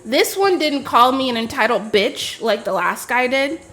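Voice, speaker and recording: A woman's voice: on the high side, animated, normal speed, fairly bright tone, faint music behind. A woman streamer telling a story in a casual, emphatic and indignant rant with frequent swearing.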